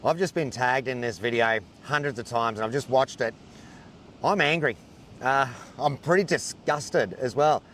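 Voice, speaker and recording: A man's voice: medium pitch, moderate pace, few pauses, a bit bright, a little hiss or hum. Furious swearing Australian man. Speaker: ranting video poster. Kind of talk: angry rant to camera.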